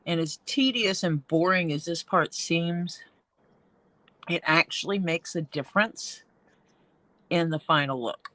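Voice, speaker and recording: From her home basement workroom, a woman streams herself doing leatherwork, making casual conversation and musing aloud as she goes. She speaks on the low side with a sharp tone, measured and pausing often.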